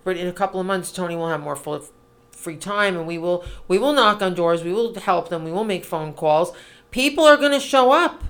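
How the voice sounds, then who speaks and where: A middle-aged woman co-hosting a podcast, talking in an animated, emphatic, casual way. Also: lowish voice. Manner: animated, emphatic, quick asides. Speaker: podcast co-host. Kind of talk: casual political chat.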